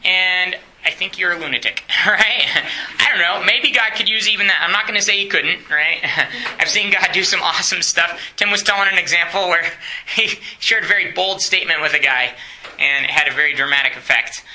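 A man's voice: high-pitched, brisk, pushed and bright, a little hiss or hum, poor audio. A man teaching a church class in a chatty way, often asking the room questions and laughing.

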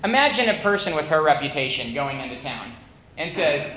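A man preaching a sermon, energetic and often asking his listeners "right?". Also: fairly high pitch, fairly quick, slight background noise. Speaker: campus minister preaching. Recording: echoey room, slightly dull sound.

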